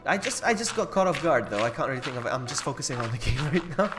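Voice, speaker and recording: A woman's voice: a bass voice, expressive, fast, music in the background. A woman playing a game with a friend on stream, joking around and sometimes hesitating. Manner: playful, hesitant, jokey. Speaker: co-player and guest. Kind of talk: casual chat while gaming.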